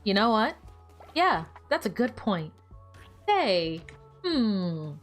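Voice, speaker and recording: A young woman streams a game in a mid-range, sing-song voice, speaking slowly and pausing often as soft music plays. Her livestream chat is casual, and she teases the characters on screen and laughs frequently.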